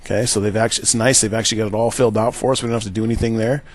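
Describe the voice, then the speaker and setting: A man working through probability problems aloud as a teacher, thinking out loud with fillers and self-corrections and checking in with "right?". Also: fairly low pitch, steady tone, very fast. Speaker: math teacher.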